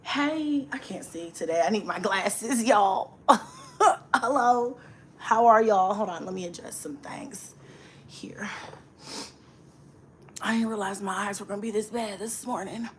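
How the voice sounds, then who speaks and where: A woman's voice: a little high, unhurried, pauses often, a bit bright, slight background noise. A young woman, hosting a casual livestream, chatting, laughing often and greeting viewers by name. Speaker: livestream host.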